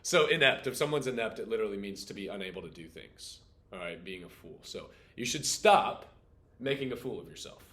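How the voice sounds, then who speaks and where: A male Latin teacher with a bright, forceful voice leads his class through a reading. He quizzes students and tosses in playful asides. The sound bounces around an echoey classroom. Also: on the low side, expressive, a little fast.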